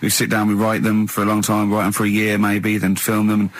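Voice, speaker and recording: A man's voice: lowish voice, monotone, a little fast, dry recording. A man hosting a radio show in casual chat, rambling and stammering with bursts of giggles. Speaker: radio host. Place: radio studio.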